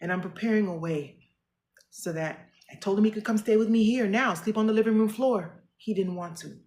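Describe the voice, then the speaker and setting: A middle-aged woman giving herself an emotional pep talk in a personal vlog. She talks to herself earnestly and swings from loud declarations to hushed, quiet lines. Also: medium pitch, fairly quick. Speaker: vlogger.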